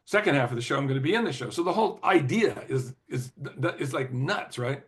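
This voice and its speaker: An older man, a former record executive, telling stories as an interview guest in a loose, rambling way, with lots of "you know" and throat clearing. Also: medium pitch, lively intonation, quick pace. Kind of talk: casual anecdotal storytelling.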